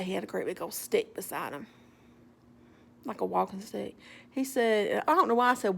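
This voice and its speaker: A woman telling a story in a casual, animated way with wry humor. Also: medium pitch, fairly quick, vocal fry, breathy edge.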